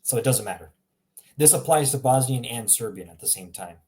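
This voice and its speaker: A man giving a casual spoken language lesson, explaining sounds with self-aware humor and repeating them slowly to demonstrate. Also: mid-range voice, lively intonation, darkish tone. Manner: chatty, self-aware explaining with little laughs. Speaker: language teacher.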